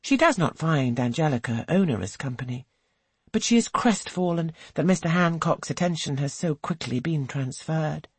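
A narrator reading a historical novel aloud, with measured, animated storytelling. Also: medium pitch, breathy edge, no echo. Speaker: audiobook narrator. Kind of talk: scripted narration.

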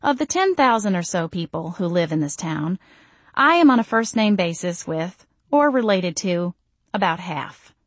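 A woman's voice: lowish voice, sing-song, moderate pace, dry recording. A woman reading a first-person audiobook in a wry, self-deprecating way. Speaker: audiobook narrator.

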